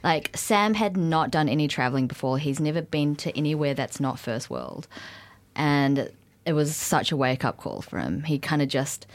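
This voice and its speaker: A woman's voice: sits low, animated, moderate pace. A woman telling a travel story in casual chat, plainly and matter-of-factly.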